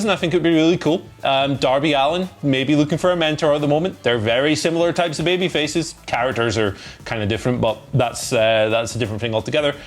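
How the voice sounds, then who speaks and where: A man co-hosting a casual wrestling news chat, relaxed and agreeable, with many fillers. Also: fairly high pitch. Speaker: co-host.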